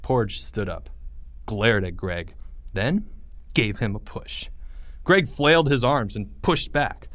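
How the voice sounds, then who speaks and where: A man reading a children's story aloud in a playful, expressive way. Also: on the low side, slow, long pauses, no room sound. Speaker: narrator.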